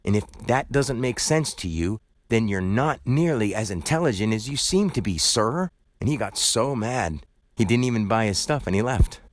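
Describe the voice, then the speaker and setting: A shop worker recounting a run-in with a customer in an argumentative, ranting way. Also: male voice, fairly low pitch, expressive, normal speed, dry recording, studio quality. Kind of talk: recounting a story to camera.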